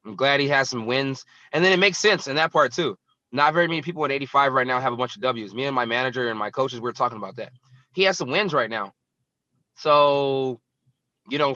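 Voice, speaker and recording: A man's voice: medium pitch, sharp tone, no echo, highs cut off. A young adult man, a fighter, talking bluntly and casually in an interview, with lots of fillers. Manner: blunt, rambling, filler-heavy. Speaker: guest fighter.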